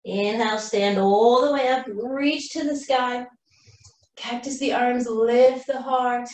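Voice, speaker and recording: A woman teaching a live yoga class, cueing poses calmly while doing the flow herself and running out of breath. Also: on the high side, slow pace. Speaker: yoga instructor. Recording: roomy echo from far off the mic.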